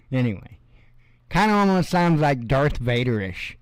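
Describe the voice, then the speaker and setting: A man's voice: medium pitch, expressive, a little fast, smooth, no echo. A male host giving rambling, sarcastic commentary on the news, with mocking asides.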